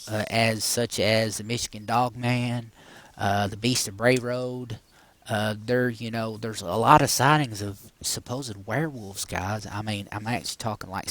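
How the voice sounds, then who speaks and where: Middle-aged male vlog host, low-pitched and casual, speaks in a loose, meandering way, dry close sound. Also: no echo. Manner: loose and rambling, many fillers, often says "guys". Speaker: paranormal podcast host. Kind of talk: casual rambling monologue to viewers.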